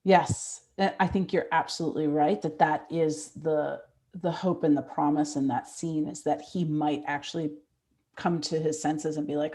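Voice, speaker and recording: Low-voiced woman leading a discussion. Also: steady tone, moderate pace, darkish tone. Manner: engaged, affirming, asks follow-up questions. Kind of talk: discussion moderation. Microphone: video call.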